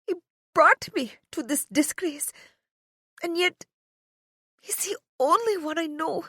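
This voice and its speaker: A soft-spoken woman narrating a first-person romance audiobook, often dropping to a whisper. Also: very high-pitched, animated, slow pace, dry recording, clean studio sound.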